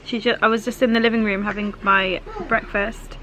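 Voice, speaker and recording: A woman's voice: medium pitch, flat delivery, fairly quick, sharp tone, a little hiss or hum, rough recording. A young woman vlogging casually at home and in the garden, chatty and upbeat, laughing often as she talks to the camera. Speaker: vlogger and mother. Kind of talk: casual home vlog chat.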